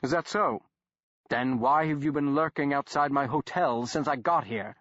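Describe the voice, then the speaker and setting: A man voicing an impatient, sharp-tongued doctor who snaps his words curtly. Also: medium pitch, moderate pace, no echo, muffled recording, natural voice. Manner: curt, exasperated, snapping.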